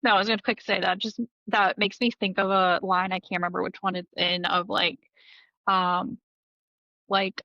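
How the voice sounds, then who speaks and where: Bright raspy-edged woman on a muffled call, eager, lots of likes. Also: mid-range voice, level tone, no echo. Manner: eager, quick, many fillers. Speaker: therapist, podcast guest. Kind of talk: casual podcast chat.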